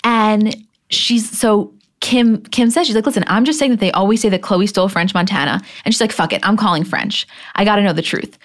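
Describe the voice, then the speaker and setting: A woman's voice: medium pitch, brisk. A young woman co-hosting a podcast, chatting casually and gossiping about a TV show, swearing freely. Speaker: podcast co-host. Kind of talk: casual chat recapping a TV show.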